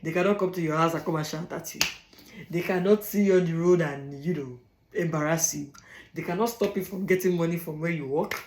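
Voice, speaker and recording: A young African woman vlogger gives blunt advice in a casual monologue, stressing points by repeating phrases and laughing between them. Her voice is low, fairly quick and darkish. The rough recording is reverberant, with slight background noise.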